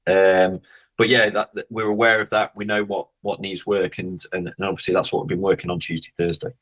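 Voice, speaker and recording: A man's voice: sits low, flat delivery, fairly quick, fairly bright tone, poor audio. A man coaching a rugby club, talking through his team in a casual podcast interview with lots of restarts and blunt humour. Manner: reflective, hesitant restarts, blunt swearing when joking.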